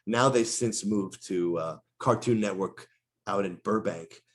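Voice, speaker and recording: In a casual interview, a middle-aged voice actor shares stories with a voice on the low side and a measured pace. He tells them with animation, often shifting into character voices.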